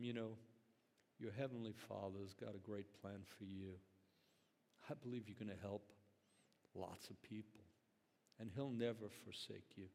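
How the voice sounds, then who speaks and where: A man's voice: on the low side, gravelly, darkish tone. Older man preaching in an echoing hall. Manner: conversational, earnest, many fillers. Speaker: pastor. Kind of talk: sermon storytelling. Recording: long hall reverb.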